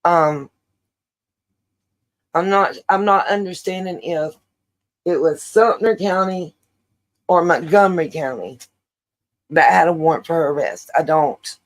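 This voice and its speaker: A woman's voice: lowish voice, a little slow, long pauses, poor audio. A middle-aged woman, hosting a casual livestream and rambling chattily with many fillers. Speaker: livestream host.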